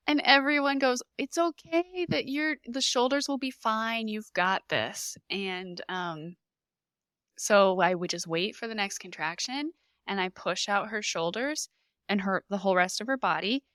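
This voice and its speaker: A woman in her thirties, a podcast guest, telling her birth story in an animated way and acting out what people said. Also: medium pitch, measured pace, clean tone, no room sound.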